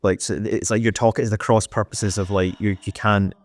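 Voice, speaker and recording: A man on a podcast panel who talks in a rapid, rambling stream. His voice is on the low side, recorded close and dry. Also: flat delivery, no room sound. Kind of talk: casual panel chat.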